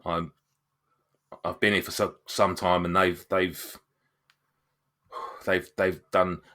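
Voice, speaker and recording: A man's voice: low-pitched, level tone, sharp tone, exaggerated voice. A man playing a battered, vengeful Australian dragon. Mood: weary, vengeful. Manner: halting, stammering, worn out. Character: wounded dragon in halfling form, vengeful.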